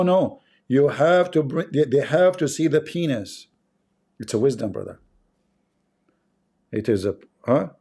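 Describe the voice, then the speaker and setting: A livestream host talks in a slightly raised voice with a dark, mellow tone. He is sarcastic and repeats himself, tossing in chuckling asides. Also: fairly high pitch. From Arab world. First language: Arabic. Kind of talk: mocking livestream commentary.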